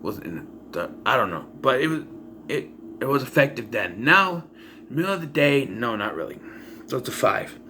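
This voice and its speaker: A man's voice: mid-range voice, big pitch swings, normal speed, bright, forceful tone, a little hiss or hum. A young man casually reviewing a movie in a rambling, sarcastic way, often restarting his sentences.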